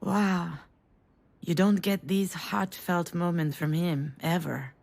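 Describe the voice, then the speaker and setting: A woman from Germany streaming a game, reacting in quick asides. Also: lowish voice, vocal fry, a little mellow, a little hiss or hum. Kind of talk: live game commentary.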